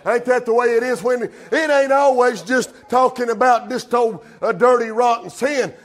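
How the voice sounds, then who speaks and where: High-voiced pastor preaching. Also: male voice, normal speed. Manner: fervent preaching, calls out congregants by name; drawling with frequent "uh" and "amen". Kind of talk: sermon. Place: church sanctuary.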